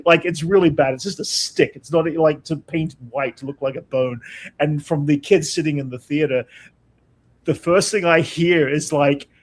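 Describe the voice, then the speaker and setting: A man's voice: on the high side, fairly even intonation, normal speed. A young man telling a camp story in casual chat, laughing often as he goes. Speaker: guest.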